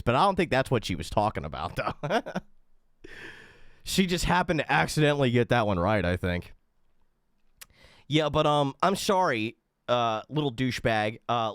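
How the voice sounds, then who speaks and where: A man's voice: mid-range voice, a bit bright, dry recording, clean studio sound. Heated profane man ranting. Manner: profane, heated, swears constantly; stammers and restarts when worked up. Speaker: online show host. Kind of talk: ranting reaction commentary.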